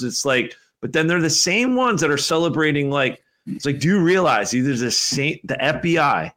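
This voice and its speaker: A man's voice: fairly high pitch, animated, normal speed, fairly bright tone. A man hosting a podcast, rambling and exasperated in casual chat. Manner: rambling, exasperated, full of fillers. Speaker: podcast host.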